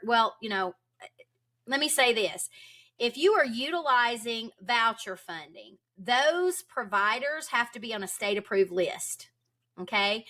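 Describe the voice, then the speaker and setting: A woman's voice: on the high side, pushed and bright. A woman homeschool advocate from Tennessee, talking urgently and emphatically as a guest in a podcast interview. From Tennessee, United States.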